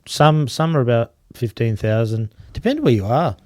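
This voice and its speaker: A man with a mellow, warm voice talks casually as a guest and laughs at his own stories. The sound is dry and close, with no room echo. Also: mid-range voice, animated, moderate pace. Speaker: guest, former bar owner. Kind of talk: casual storytelling chat.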